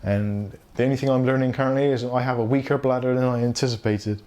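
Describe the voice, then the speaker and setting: A man in middle age hosts a relaxed evening live stream about tech. He chats loosely, reads viewer comments aloud and laughs easily, at an ordinary middle pitch. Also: fast talker. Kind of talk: casual live stream chat.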